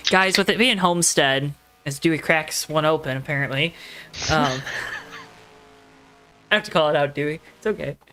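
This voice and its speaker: A man's voice: a little high, measured pace, long pauses, bright, forceful tone. A man hosting a live sim racing broadcast from the booth, playful and chatty, talking straight to viewers. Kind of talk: live race commentary. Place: commentary booth.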